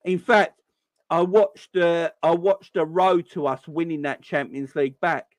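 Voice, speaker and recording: Young male stream host with a fairly high voice. Heated, exasperated rant, repeats himself. Dry, close sound. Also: steady tone, measured pace, dry recording. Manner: exasperated, repeats and restarts words when wound up.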